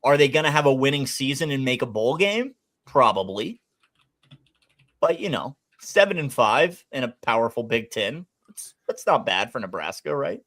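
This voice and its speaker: A man's voice: medium pitch, big pitch swings, moderate pace, a bit bright. Upbeat man hosting a betting show. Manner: upbeat, chatty, hypes picks to viewers. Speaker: sports betting show host. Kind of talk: casual sports betting talk.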